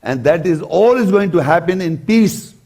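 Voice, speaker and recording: A male preacher giving a religious lecture, his voice sitting a little higher than most men's. He speaks slowly and with emphasis, stopping to repeat the points he wants remembered. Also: animated, darkish tone. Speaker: Islamic preacher. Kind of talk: religious lecture explaining scripture.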